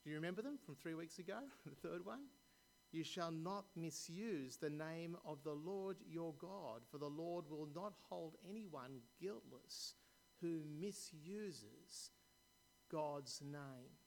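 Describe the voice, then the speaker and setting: A man preaching in a slow, unhurried way, lingering over each phrase of scripture. His voice sits a little high for a man, and a faint hum runs under the recording. He puts questions to his listeners and lets verse endings fall away softly. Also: creaky. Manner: slow, deliberate preaching with pauses and questions to the congregation; reads scripture aloud, dropping softly at the ends of verses. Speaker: pastor. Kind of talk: sermon.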